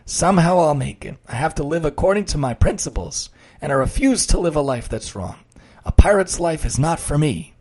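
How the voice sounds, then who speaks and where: A man's voice: fairly high pitch, lively intonation, brisk, darkish tone, breathy edge. A man voicing an earnest, resolute young boy in a storybook reading.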